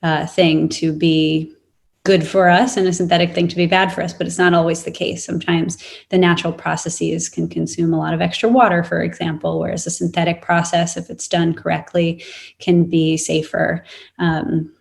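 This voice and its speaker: A woman artist answers a panel question in a lowish, gravelly voice. She pauses often with ums while she works through her ideas. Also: little pitch movement. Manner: thoughtful, frequent ums.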